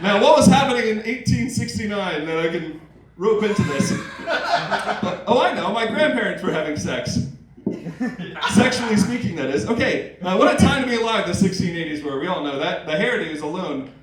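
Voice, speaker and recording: A man reads comic fan fiction at a bar open mic. He rambles with asides and fillers in a fairly high voice. The sound is distant and echoey, with noise behind it. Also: animated, normal speed.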